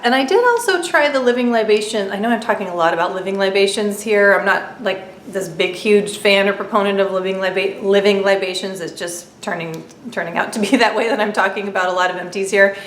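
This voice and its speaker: A woman chatting through a casual product review vlog at home, talking quickly with many fillers and asides. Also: mid-range voice, fairly bright tone, echoey room, a little hiss or hum. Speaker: beauty vlogger.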